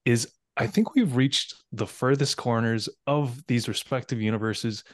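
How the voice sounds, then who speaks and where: A man with a mid-pitched voice talks in a measured, wry and explanatory way as a podcast guest. The sound is close and dry, with no room echo. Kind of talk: casual podcast discussion.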